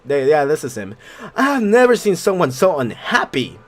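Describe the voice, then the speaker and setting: A man giving casual let's-play commentary on a game. He swears freely, laughs often and reacts loudly. His voice is slightly high and moves through a wide range of pitch. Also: wildly swooping pitch, moderate pace. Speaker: gaming video host.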